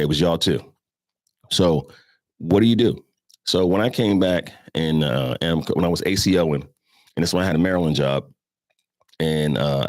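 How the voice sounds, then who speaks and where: A man's voice: deep voice, no echo, studio quality. A man in his fifties hosting a show, telling stories in a loose, chatty way and talking straight to his listeners. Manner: loose and conversational, addresses listeners as y'all, acts out voices. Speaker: host. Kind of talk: casual storytelling monologue.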